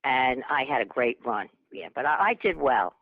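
An older woman calling in by phone, telling a chatty, animated story and laughing often. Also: rumbling low, moderate pace, no room sound. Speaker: phone-in guest, host's mother. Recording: muffled phone line.

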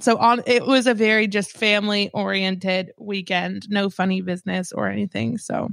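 A woman's voice: medium pitch, little pitch movement, moderate pace, creaky, hardly any pauses, a bit bright, no echo, studio quality. A young adult woman co-hosting a podcast, chatting casually and emotionally with many fillers. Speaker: co-host. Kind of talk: casual chat.

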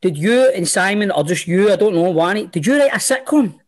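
A man's voice: sits high, expressive, a little fast. A man hosting a podcast, asking his guest questions in a chummy, encouraging way. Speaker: podcast host. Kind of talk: casual interview chat.

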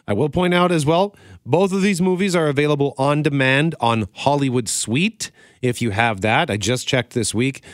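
A man's voice: medium pitch, dry recording, clean studio sound. A man in his forties hosting a casual show, chatty and laughing often as he tells stories. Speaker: radio show host reviewing movies. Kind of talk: casual chat.

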